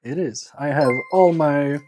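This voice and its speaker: A man talking in an unhurried, relaxed drawl as he live-streams a repair session from his home workbench. He jokes and teases his chat, often mocking himself. His voice sits on the mellow, warm side. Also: fairly high pitch, slight background noise. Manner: joking, self-mocking, chatty with viewers.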